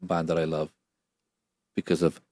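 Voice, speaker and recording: A man's voice: extremely low pitch, flat delivery, normal speed, darkish tone, dry recording, studio quality. A man co-hosting a podcast, swearing and mocking as he reacts to a documentary in casual chat. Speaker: podcast co-host.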